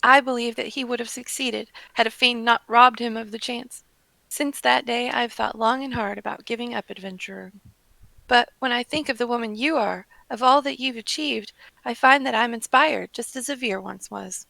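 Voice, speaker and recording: Earnest young healer heroine in a light Southern lilt, gravelly and bright, read aloud by a woman streamer. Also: a little high, normal speed, dry recording, rough recording. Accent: Southern American, put on. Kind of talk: reading game dialogue aloud on stream.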